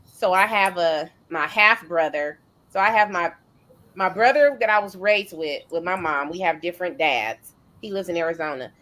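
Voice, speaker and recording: A woman's voice: on the low side, moderate pace. Middle-aged woman telling stories casually. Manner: relaxed storytelling with fillers and restarts. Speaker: host. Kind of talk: casual chat.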